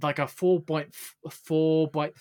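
A man co-hosting a casual podcast chat, rambling and animated, laughing often. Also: fairly high pitch, slow. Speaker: podcast co-host.

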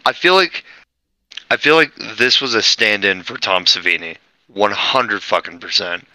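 Bright, blunt-talking man. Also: on the low side, sing-song, moderate pace, no room sound, poor audio. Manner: blunt, swears freely. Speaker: podcast co-host. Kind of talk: casual chat.

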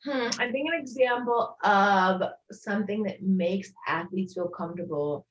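A woman journalist, a guest on a podcast, talking in a relaxed, casual way with many "like"s. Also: medium pitch, moderate pace, dull audio. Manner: relaxed, filler-heavy, frequent "like". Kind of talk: casual interview conversation.

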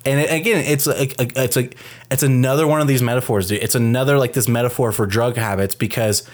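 A man's voice: mid-range voice, brisk. A man co-hosting a film review podcast, talking in casual chat that rambles with lots of swearing, restarts and "like", and slips into acting out characters' lines. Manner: rambling and profane, full of restarts and "like"; animated, acts out characters' lines mid-sentence.

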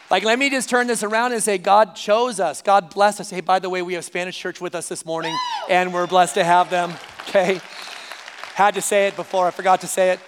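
A man's voice: high-pitched, steady tone, a little fast, a faint crowd, slight background noise. A man preaching a sermon to his church, speaking conversationally and repeating key phrases for emphasis. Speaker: pastor. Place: church service.

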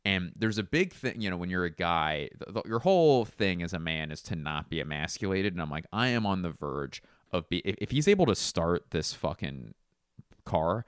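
A man's voice: low-pitched, big pitch swings, moderate pace, clean tone, no echo, studio quality. A young man hosting a podcast, telling a long, profane, rambling story and mimicking the people in it. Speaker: podcast host. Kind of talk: casual storytelling monologue.

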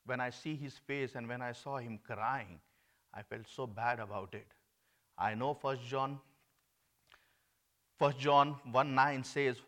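A man from India, preaching an earnest sermon that swings between emphatic and hushed. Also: medium pitch.

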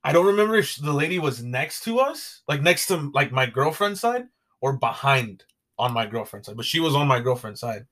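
A man's voice: medium pitch, sing-song, a little fast, a bit bright. A young man co-hosting a podcast, chatting casually in a rambling way with fillers and swearing. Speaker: podcast co-host. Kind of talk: casual chat.

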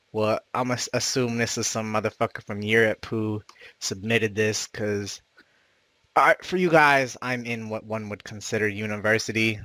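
A man's voice: fairly low pitch, sharp tone, dry recording. A man, hosting a casual group chat, swearing freely and talking loosely. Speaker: host.

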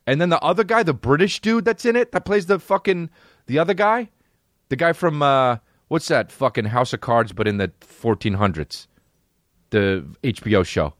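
A man's voice: mid-range voice, expressive, moderate pace, fairly bright tone, no echo, clean studio sound. A man hosting a comedy podcast, rambling and cursing through a casual solo monologue. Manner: rambling, profane, full of impressions. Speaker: podcast host.

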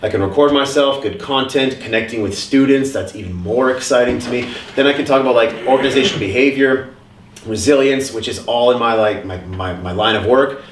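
A fast-talking man hosts a loose chat among friends, telling stories with animated energy and casual swearing. The voice sits at an ordinary pitch for a man. He sounds roomy and distant, as if picked up by a phone across the room. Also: slight background noise. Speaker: podcast host.

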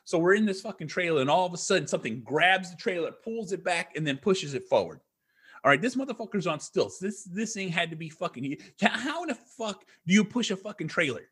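A man's voice: sits high, expressive, brisk, fairly bright tone, slightly rough. A man who is a podcast guest, telling a rambling, profane story in casual chat.

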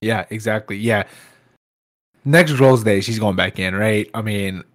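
A man co-hosts a podcast, chatting about a reality show in a quick, agreeable, upbeat way. His voice is fairly low and sounds dry and close, with little room sound around it. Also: no echo. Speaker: podcast co-host. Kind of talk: casual reality-show recap chat.

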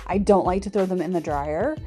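A woman's voice: fairly low pitch, a little fast, warm tone, faint music behind. A woman hosting a podcast alone, chatting casually with many fillers and little laughs. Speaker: podcast host. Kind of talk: casual solo podcast monologue.

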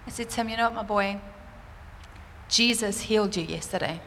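A woman telling a church congregation a personal testimony, animated and fervent, laughing often. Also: medium pitch, moderate pace, a little hiss or hum. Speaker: church speaker sharing a testimony. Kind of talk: sermon testimony. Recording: roomy church hall reverb, faint ambience.

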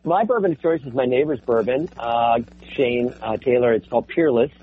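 A man's voice: medium pitch, normal speed. A man who is a voice actor, chatting casually on a podcast with many restarts and frequent laughs. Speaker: voice actor guest. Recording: slightly dull audio with faint noise.

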